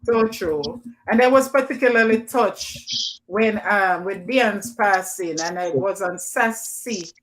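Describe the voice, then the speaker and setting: A woman hosting a casual livestream, animated and playful, slipping into patois and put-on accents. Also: medium pitch, slow. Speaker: livestream host.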